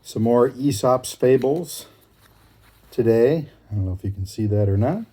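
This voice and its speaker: A man casually reading fables aloud, relaxed and chatty, with friendly asides in between. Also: mid-range voice, breathy edge. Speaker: storyteller.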